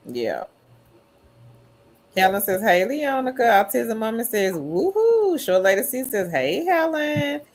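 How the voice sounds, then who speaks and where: A woman's voice: mid-range voice, lively intonation, measured pace, pauses often. A woman hosting a livestream, reading viewers' chat comments aloud in an upbeat, friendly way. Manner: upbeat, calls viewers queen. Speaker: livestream host.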